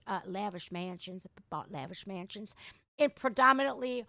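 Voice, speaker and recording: Woman streamer reacting at home, sarcastic and blunt, dry close sound, mid-pitched. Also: animated, moderate pace, creaky, sharp tone, no room sound. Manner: blunt, sarcastic, swears freely. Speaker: livestream host. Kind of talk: reaction commentary.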